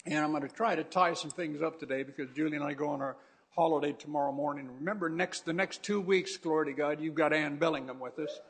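A man's voice: on the high side, fast talker. A man who is a pastor, preaching a fervent sermon that repeats itself and often restarts.

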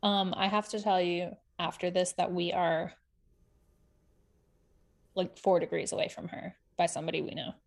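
A woman co-hosting a podcast, chatting casually and recapping a reality show with quick asides and laughter. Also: on the low side, flat delivery, creaky. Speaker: podcast co-host.

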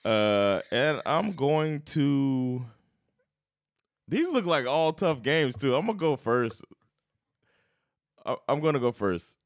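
Laid-back man with a lively voice. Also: mid-range voice, slow, pauses often, no echo, clean studio sound. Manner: laid-back, swearing, laughs a lot. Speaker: podcast co-host. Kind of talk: casual sports chat.

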